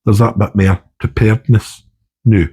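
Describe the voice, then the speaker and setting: Brief: middle-aged Scottish army veteran, dark husky tone, rambling candid talk. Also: male voice, lowish voice, fairly even intonation, moderate pace. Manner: rambling, with many restarts and "you know". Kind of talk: candid podcast conversation.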